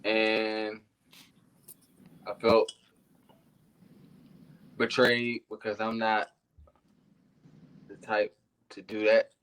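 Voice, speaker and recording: A man's voice: fairly low pitch, completely flat delivery, drawn-out words, long pauses, fairly bright tone, clean tone, rough recording. A man co-hosting a casual podcast, talking bluntly in slang about his own feelings. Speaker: podcast co-host.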